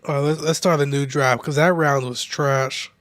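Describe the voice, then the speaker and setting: A man's voice: medium pitch, fairly even intonation, moderate pace, fairly bright tone, no echo. A man chatting casually on a livestream at home, laid-back and teasing with his viewers. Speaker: game streamer.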